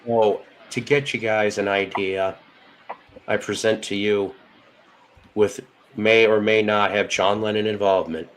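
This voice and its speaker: A man's voice: on the low side, fairly even intonation, a little slow, fairly bright tone, slight background noise. A man hosting a casual live show about vinyl records, talking in a chatty, rambling way. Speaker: host.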